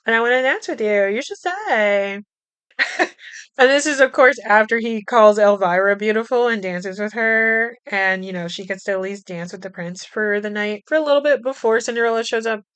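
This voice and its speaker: A young woman hosting a podcast, recapping a movie in a chatty way, with frequent laughs, swearing and quick asides. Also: medium pitch, a bit bright, clear, resonant tone, no room sound. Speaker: podcast host.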